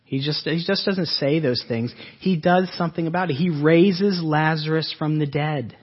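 A man preaching an earnest Easter-season sermon to his congregation, his voice swelling and then dropping soft. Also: a little high, moderate pace, slightly rough, dull audio. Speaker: pastor.

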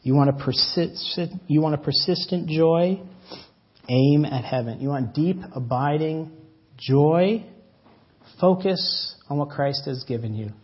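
A man preaching a sermon as pastor, swinging between loud emphatic lines and soft drawn-out words. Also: on the high side, slightly rough. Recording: dull lo-fi church audio.

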